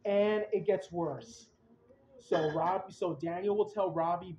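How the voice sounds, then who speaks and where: A young man hosting a podcast, excitedly retelling events in a rambling, casual way with slang. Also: a little high, measured pace, slight background noise. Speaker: podcast host. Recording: roomy, dull lo-fi sound.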